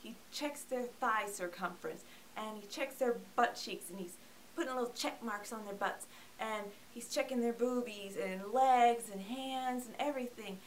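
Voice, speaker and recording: A woman's voice: a little high, normal speed, slight background noise. Chatty woman joking through a movie review. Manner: chatty and joking, acts out characters. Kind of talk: casual comedic movie review.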